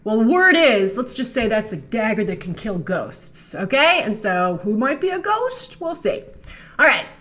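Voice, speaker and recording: A woman's voice: on the high side, sing-song, a little slow, a bit bright. Chatty sarcastic lady doing a trailer breakdown, voice jumps all over. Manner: chatty and sarcastic, puts on mocking voices for characters. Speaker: host. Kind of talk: casual trailer breakdown commentary.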